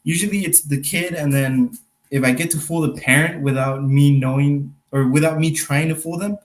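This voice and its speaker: A man's voice: a little high, steady tone, moderate pace, low-quality recording. A young adult man, a magician guest on a casual podcast, rambling through anecdotes, laughing often and acting out what others said. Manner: rambling storyteller, laughs often, acts out quotes.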